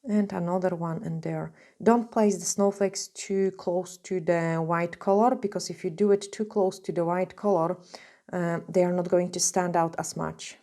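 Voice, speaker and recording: Woman, nail tutor, lowish pitch, gushing casual talk, losing her voice. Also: fairly even intonation, normal speed, dark tone. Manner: chatty and gushing, many "like" fillers. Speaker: nail artist teaching a tutorial. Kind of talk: casual tutorial narration while working.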